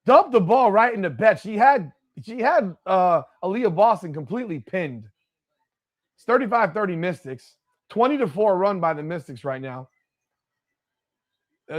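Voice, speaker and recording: High-voiced excitable man calling plays. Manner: excitable, critical, cursing, heckling players. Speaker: watch party host. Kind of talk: live play-by-play commentary.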